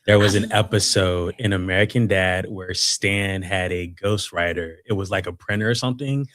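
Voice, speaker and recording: A man's voice: sits low, steady tone, moderate pace, a bit bright. A man co-hosting a podcast in casual chat, laid-back and thoughtful, laughing often. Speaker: podcast co-host.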